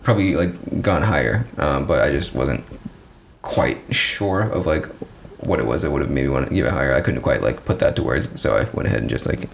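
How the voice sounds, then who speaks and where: A man with a very low voice rambles through his film thoughts, hesitating often and slipping in puns. His pitch swings widely, and faint hiss sits behind him. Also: lively intonation, fairly quick, vocal fry. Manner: hesitant, rambling, punning jokes. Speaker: podcast co-host. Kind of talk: casual film review chat.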